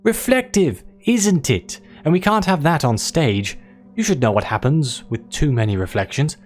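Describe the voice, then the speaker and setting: A man's voice: fairly high pitch, very animated, normal speed. A man voicing a fussy, impatient bald male stage magician with a posh English accent and a demanding manner. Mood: indignant. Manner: huffy, demanding.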